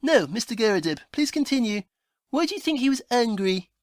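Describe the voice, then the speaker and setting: A woman's voice: a little high, sing-song, a little fast, a little mellow, no echo, clean studio sound. Sherlock Holmes, voiced by a woman, fussy and prim. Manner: formal, fussy, scolding. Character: Sherlock Holmes, prim and haughty male detective. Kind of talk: comedy audio play.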